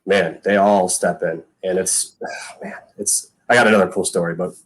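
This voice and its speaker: A man's voice: low voice, steady tone, moderate pace, husky. A man in his thirties, a former punter guesting on a podcast, telling stories in a rambling way full of fillers and quoted lines. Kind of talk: casual storytelling chat.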